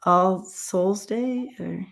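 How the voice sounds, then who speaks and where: A woman's voice: mid-range voice, drawn-out words, creaky. A woman hosting a casual livestream chat who rambles, with many fillers and restarts. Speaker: livestream host.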